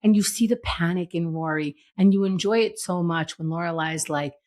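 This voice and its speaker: A woman co-hosting a rewatch podcast in easy, casual chat. She talks with lively swings in pitch and drops into acted quotes as she tells stories. Her voice sits fairly low for a woman. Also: normal speed. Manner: animated, storytelling with acted quotes. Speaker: podcast co-host.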